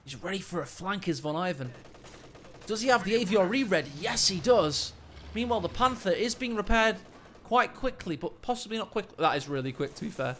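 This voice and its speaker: A man's voice: sits high, expressive, a little fast, a bit bright, a little hiss or hum. A man casting a strategy game, giving casual play-by-play commentary with cheeky joking asides. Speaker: game caster. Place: at home late at night.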